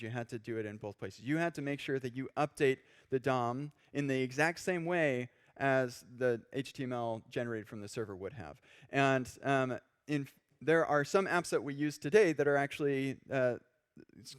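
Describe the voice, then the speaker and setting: A man giving a casual live-coding talk on a conference stage, animated and chatty, acting out quoted reactions. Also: mid-range voice, normal speed, clear, resonant tone. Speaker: conference speaker.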